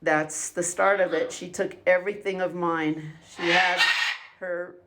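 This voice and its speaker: A woman's voice: lowish voice, fairly even intonation, measured pace, fairly bright tone. A middle-aged woman venting in a personal video diary, profane and sarcastic as she rants. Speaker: vlogger. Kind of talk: angry personal venting monologue. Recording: faint background noise and clicks.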